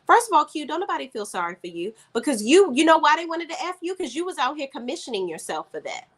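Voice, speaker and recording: TV reviewer, woman, blunt and opinionated, high lively voice. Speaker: TV show reviewer. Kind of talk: casual TV recap.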